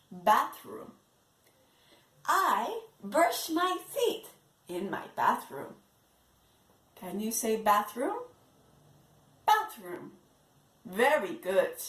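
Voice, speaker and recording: A woman teaching English to young children in an online lesson, slowly repeating words for them to copy. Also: a little high, a bit bright. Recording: echoey room.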